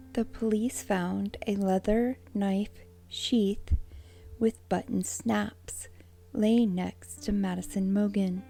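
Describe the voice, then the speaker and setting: Lady whispering true crime asmr, slow and soft, mellow tone. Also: mid-range voice. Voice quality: unvoiced whisper. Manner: soft-spoken, measured storytelling.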